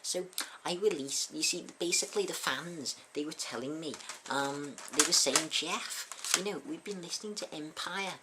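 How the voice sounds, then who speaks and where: A man doing a comic impression of a boastful, bitter male rock singer in a shaky put-on Scouse accent. He swings between sulky mumbling and sudden shouting. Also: on the high side, moderate pace, very noisy, pitched above the performer's own voice, natural voice. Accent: put-on Scouse, poorly done.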